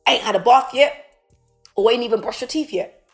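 A woman's voice: on the high side, normal speed, faint music behind. A woman giving a passionate, preachy motivational talk on a live stream, pleading with her listeners. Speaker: motivational speaker. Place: indoors, streaming.

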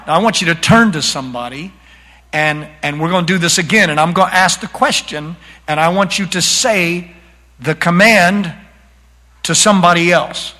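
A man preaching a sermon to a congregation, slowing down and building to dramatic shouts. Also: fairly high pitch, in a large hall. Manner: dramatic, slows and rises to shouting. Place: church sanctuary.

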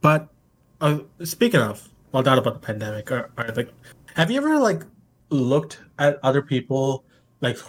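A man's voice: medium pitch, sing-song, moderate pace. A man co-hosting a podcast in casual chat, dropping dry one-liners. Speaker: podcast co-host.

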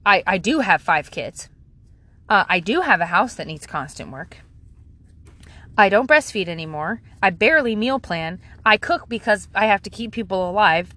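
Bright-voiced woman, candid podcast chat. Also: medium pitch, no room sound. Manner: candid, self-deprecating, swears casually. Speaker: podcast host. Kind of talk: casual solo podcast monologue.

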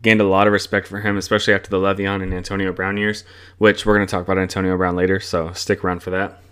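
Young guy on his sports podcast, kinda low voice, swearing and ranting about his team. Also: little pitch movement, fast talker, fairly bright tone, clean tone. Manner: frustrated, profane, rambling. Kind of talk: casual sports rant.

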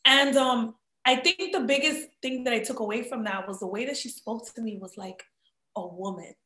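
A woman's voice: on the high side, moderate pace, pushed and bright. A woman in her thirties, an actress, talking earnestly as an interview guest and slipping in Spanish words. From Dominican family in the United States. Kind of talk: emotional personal interview talk. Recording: echoey room.

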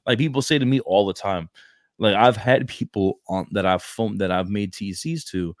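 A young man from Brooklyn hosting a casual podcast chat, slangy and animated, saying "bro" all the time. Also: lowish voice, moderate pace, no echo, clean studio sound. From Brooklyn, New York. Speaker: podcast host, recruiter.

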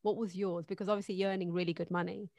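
A woman hosts a podcast and asks probing questions in a chatty, restarting way. Her voice sits a little low for a woman. It is recorded dry and close, with no room echo. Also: flat delivery, rapid-fire, a little mellow. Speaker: podcast host. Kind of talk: casual podcast interview.

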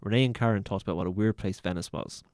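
Deep-voiced man reading a story aloud. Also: fast talker, darkish tone, dry recording, studio quality. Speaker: reader of a teen novel. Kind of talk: casual read-aloud with banter.

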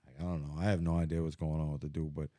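A man's voice: a bass voice, level tone, rapid-fire, warm tone, dry recording. A man co-hosting a podcast, talking in a rambling, profane, casual way full of fillers. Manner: rambling, lots of fillers and restarts. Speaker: podcast co-host.

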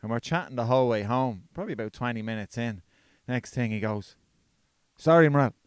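A man, a podcast co-host, telling an animated story in casual chat and acting out the voices in it. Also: mid-range voice, fast talker, clear, resonant tone, dry recording. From Ireland.

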